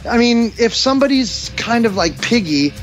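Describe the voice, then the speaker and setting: A man's voice: extremely high pitch, expressive, normal speed, faint music behind. A man in his forties with a New York accent, chatting casually as a podcast guest in a rambling, laid-back way. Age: 40s. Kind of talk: casual chat. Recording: dull dry lo-fi sound.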